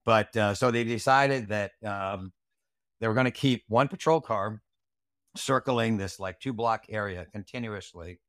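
A man's voice: fairly low pitch, a little slow, fairly bright tone, dry recording, clean studio sound. Blunt, profane storyteller man. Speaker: interview guest, retired Army sergeant. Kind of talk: casual storytelling interview.

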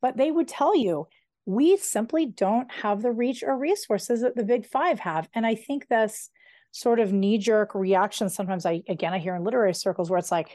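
A woman author in her forties talks in a lively, conversational way, tossing in playful asides as she goes. Her voice sits at a middle pitch. The recording is dry and close, with no room sound. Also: brisk, no echo. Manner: animated, chatty, with playful asides. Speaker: author, interview guest. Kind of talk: conversational interview.

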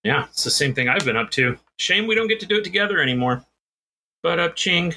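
A man's voice: a little high, expressive, brisk, sharp tone, slight background noise. A man co-hosting a podcast, telling a rambling, self-deprecating story in casual chat. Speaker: podcast co-host.

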